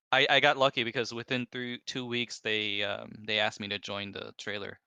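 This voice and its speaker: Lively, bright-voiced man chatting. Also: normal speed, gravelly, clean tone, dry recording. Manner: animated storyteller, mimics coworkers in high squeaky voices. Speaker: animator guest. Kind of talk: casual chat on a stream.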